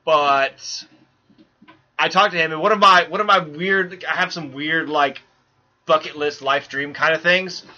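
A man's voice: fairly high pitch, muffled recording. A man hosting a podcast in casual chat, rambling and restarting as he tells stories. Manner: rambling, stumbling restarts, animated storytelling. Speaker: podcast host.

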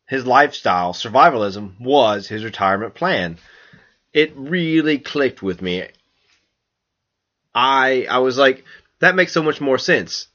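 A man's voice: mid-range voice, sharp tone, lo-fi sound. A man hosting a solo podcast alone, rambling and self-mocking with lots of ums, restarts and swearing. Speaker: podcast host. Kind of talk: casual solo podcast chat.

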